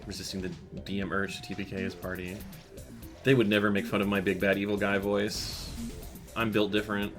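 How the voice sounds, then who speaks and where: Male streamer, low voice, chatty and muttering, game music loud behind. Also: monotone, fairly quick. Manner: chatty, reads chat aloud, mutters to himself. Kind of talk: casual gameplay commentary.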